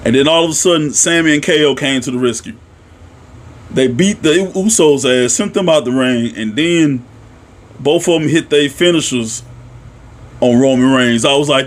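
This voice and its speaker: A young man excitedly recapping a wrestling show in a casual, profane, animated way, jumping to shouts at the big moments. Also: medium pitch, normal speed. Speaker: wrestling reaction vlogger.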